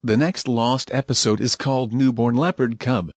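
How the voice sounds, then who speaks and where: A man narrating scripted scene recaps in a plain, even manner. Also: medium pitch, normal speed, dry recording.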